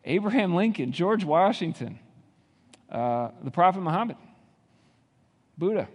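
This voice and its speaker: A man's voice: high-pitched, very animated, a little slow, long reverb tail. A man preaching a sermon, building intensity with rhetorical questions. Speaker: pastor.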